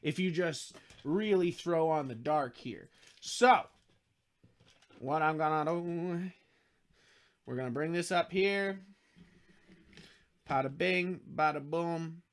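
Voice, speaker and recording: A man's voice: fairly high pitch, lively intonation, slow, pauses often. A tired man hosting a casual livestream, rambling and jokey, swearing freely and slipping into silly accents. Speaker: livestream host building model kits.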